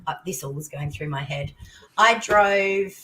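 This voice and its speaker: An older Australian woman, fairly low-voiced, chats as a guest and tells her story with lively exclamations that jump up in pitch. Faint background noise hums behind her. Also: measured pace, poor audio. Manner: animated storytelling, voice leaping into exclamations. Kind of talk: casual interview chat.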